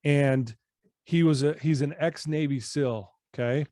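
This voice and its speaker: A man's voice: fairly high pitch, measured pace, no room sound. A man coaching in personal development, telling a story as a podcast guest and acting out the dialogue with energy. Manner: animated storyteller who acts out quoted dialogue. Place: his office at home.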